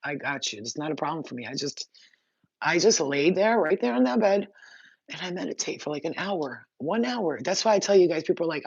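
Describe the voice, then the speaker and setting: A woman's voice: low-pitched, fast, slightly rough, dry recording. A woman spiritual healer chatting casually on a livestream, reassuring and blunt, with a sweary streak. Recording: dull, dry lo-fi sound.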